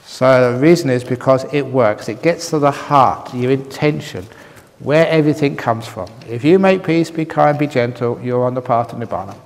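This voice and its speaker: A man answers questions in a dharma talk at a meditation retreat, playful and humorous and frequently laughing. He speaks at normal speed with medium pitch. The retreat hall gives a long reverb tail.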